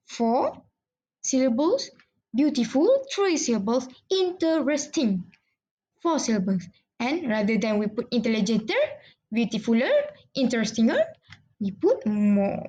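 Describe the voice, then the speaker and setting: A woman's voice: fairly high pitch, a little mellow, lo-fi sound. A young woman giving a mock online grammar lesson, patiently explaining step by step to an imagined class. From Malaysia. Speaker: trainee English teacher.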